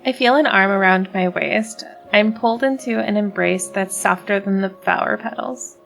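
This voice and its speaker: A woman's voice: medium pitch, moderate pace, creaky, a bit bright, soft background music. A woman hosting a game playthrough, reading the story text aloud and gushing about the characters, often stumbling and restarting words. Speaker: let's play host.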